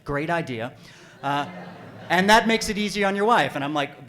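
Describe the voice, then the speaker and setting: Guy doing a story slam onstage, animated and self-mocking, kinda high voice for a man. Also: moderate pace. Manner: animated, self-deprecating, bursts into panicked yelps. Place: stage at an arts center.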